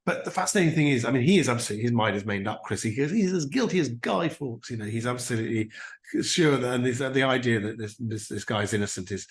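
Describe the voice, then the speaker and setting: A man, an impressionist, chatting in an animated way in an interview and slipping into brief voices. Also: mid-range voice, fast, roomy sound. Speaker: impressionist and actor, interview guest. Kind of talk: casual interview chat.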